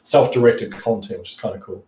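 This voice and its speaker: A man with a fairly low voice talks through business tips on a live stream, loose and chatty, circling back and restarting as he goes. The sound is echoey, as if recorded in a bare room. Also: fairly quick, mellow. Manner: easygoing and chatty, with frequent restarts and "you know". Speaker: online marketing coach hosting a live stream. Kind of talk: casual live-stream coaching talk.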